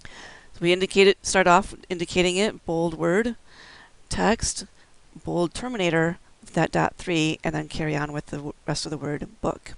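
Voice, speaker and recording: A man's voice: fairly high pitch, fairly even intonation, normal speed, vocal fry, no room sound, rough recording. A man giving a recorded instructional lecture, explaining things step by step with occasional fillers. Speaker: braille instructor.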